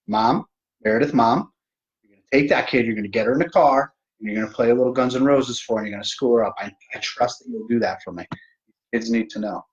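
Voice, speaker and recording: On dull-sounding audio, a medium-pitched middle-aged man hosts an informal live stream from home. His style is jokey and self-mocking, speaking right to the people watching.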